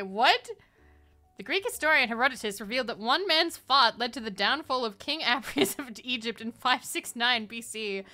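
A woman with a high, sharp voice streams a game and chats casually over faint background music. She giggles often, swears a lot and bursts into shrieking laughter.

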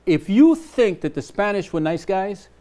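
A man's voice: sits high, very animated, unhurried, warm tone. A man in his seventies, a guest on a studio talk show, speaking passionately and urging listeners directly. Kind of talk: passionate conversation. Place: television studio.

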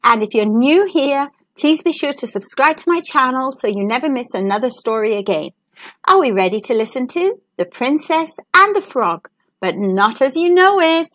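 Animated woman reading a kids' book. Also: high-pitched, moderate pace. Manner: warm, animated, sing-song. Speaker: children's storyteller. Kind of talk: reading a picture book aloud to children.

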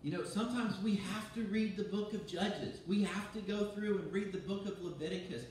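A man, a pastor, giving a sermon in a lively, conversational way, often restarting his sentences. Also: high-pitched, moderate pace, slight background noise. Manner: animated, conversational preaching with restarts. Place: church sanctuary. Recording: very echoey church from far off.

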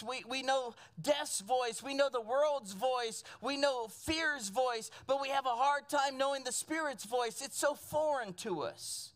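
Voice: high voice, a bit bright. A pastor preaching a sermon in a church to a small congregation, impassioned and repetitive, with frequent restarts.

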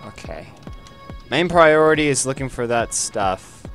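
A man giving casual commentary over his own gameplay, chatty and quick to exclaim when things go wrong. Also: medium pitch, lively intonation, fairly bright tone, faint music behind. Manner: chatty, easily frustrated, exclaims at setbacks.

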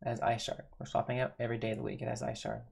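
A man's voice: medium pitch, little pitch movement, rapid-fire, gravelly, husky. A man giving casual gameplay commentary, thinking aloud, repeating himself and talking to his game characters. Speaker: gaming YouTuber.

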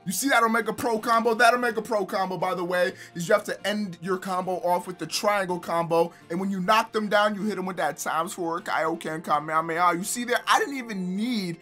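A young man giving loud, trash-talking commentary over his own online matches, shouting at opponents and explaining his character build. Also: high-pitched, brisk, hardly any pauses, faint music behind. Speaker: gaming YouTuber. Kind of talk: hyped gameplay commentary.

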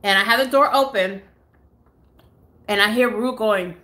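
Woman in her own home, live phone vlog, tells a story casually, swears a lot and acts out every quote, bright and lively. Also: a little high, normal speed, long pauses. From United States. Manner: animated, swears freely, acts out others' lines. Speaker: beauty vlogger. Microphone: phone camera.

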